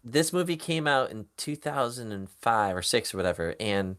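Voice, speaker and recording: A man's voice: mid-range voice, animated, normal speed, a bit bright, smooth. A man talking on a podcast in a blunt, enthusiastic way, swearing casually as he chats. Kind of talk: casual chat.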